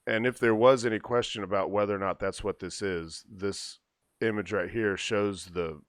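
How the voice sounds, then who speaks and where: A low-voiced man hosts a podcast and calmly walks his co-hosts through tech news in a loose, conversational style. His voice is recorded dry and close, with no room echo. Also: moderate pace. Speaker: podcast host. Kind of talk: casual chat.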